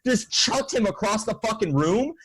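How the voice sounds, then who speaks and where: A man's voice: high-pitched, moderate pace, husky. A young man co-hosting a podcast, telling crude stories in casual chat and mimicking people he talks about. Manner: profane, animated, mimics people in voices. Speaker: podcast co-host.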